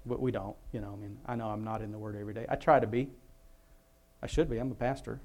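A male pastor gives a rambling, informal sermon, looping around with asides and chatty self-interruptions and restarting often. His voice is medium in pitch with a darkish tone.

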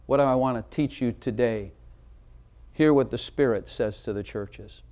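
A man's voice: mid-range voice, moderate pace, a little mellow. A man preaching a sermon in a church, emphatic and asking the congregation direct questions. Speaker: pastor.

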